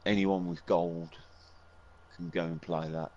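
A man's voice: sits low, little pitch movement, a little slow, a little mellow, lo-fi sound. A man chatting laconically with a friend while gaming, dry and sweary. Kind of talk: casual gaming chat.

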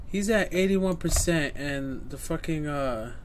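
A man giving profane live commentary on his own gameplay, excitable and muttering to himself between bursts. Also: fairly high pitch, unhurried, hardly any pauses, slight background noise. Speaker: gameplay streamer.

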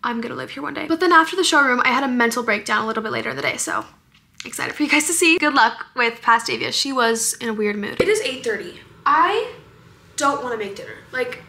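High bright chatty teenage girl. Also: big pitch swings, fast, poor audio. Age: late teens. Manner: chatty, rambling, candid venting with many "like"s. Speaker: vlogger. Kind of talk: casual vlog chat.

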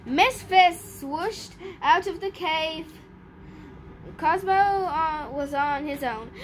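Woman reading a kids' storybook, very high voice, slow unhurried pace, expressive. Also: slight background noise. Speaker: storybook reader. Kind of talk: reading a children's picture book aloud.

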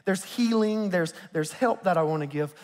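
Pastor, male, high voice, casual sermon delivery with hushed asides, church hall reverb. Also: normal speed. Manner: conversational, dropping to soft near-whispers for emphasis. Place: church sanctuary.

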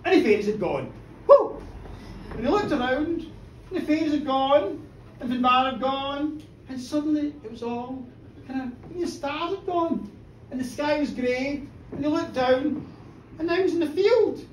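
Animated male storyteller in an echoey pub. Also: very high-pitched, moderate pace, a little hiss or hum. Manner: dramatic and animated, with sound effects and screams. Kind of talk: live folk-tale storytelling. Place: pub stage with an audience. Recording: roomy live bar from far off.

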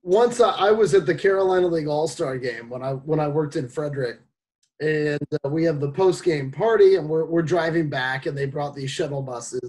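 Radio announcer guy, kinda high voice, chuckly, telling a laid back story. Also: normal speed, darkish tone, poor audio. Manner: chuckling, self-deprecating. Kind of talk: casual anecdote.

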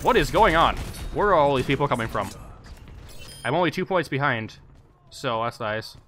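A man streaming a game and commenting live in a chatty, self-mocking way with excitable outbursts. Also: mid-range voice, moderate pace. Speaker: gamer streaming his play. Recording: stream mic with game music behind.

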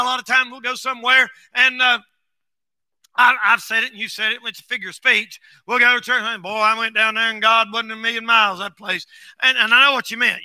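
High bright-voiced preacher, folksy. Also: male voice, no room sound. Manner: folksy, shouting bursts, swings between loud preaching and quiet asides. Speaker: pastor. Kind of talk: sermon.

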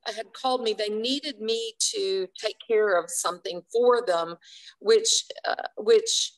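A woman guest author telling a personal faith story in an interview, earnest and quick to laugh. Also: fairly high pitch, fairly bright tone, low-quality recording.

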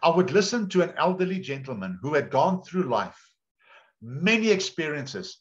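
A man's voice: fairly high pitch, big pitch swings, moderate pace. Man preaching a sermon. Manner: conversational storytelling preacher, repeats words. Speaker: pastor. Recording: dull lo-fi sound.

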